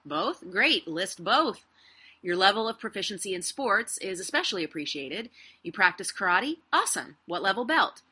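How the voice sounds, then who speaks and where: A middle-aged woman hosts her own show as a casting director. Her voice sits a little low yet sounds bright and crisp. She talks briskly and wryly, firing off rhetorical questions with clear emphasis. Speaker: casting director and podcast host. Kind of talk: scripted solo talk.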